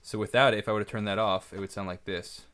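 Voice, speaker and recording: Excited man breaking down his track. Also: fairly low pitch, background noise. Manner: excitable, talks fast in bursts, corrects himself mid-sentence. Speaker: music producer. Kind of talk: casual track-by-track production breakdown. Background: faint music from his session playback.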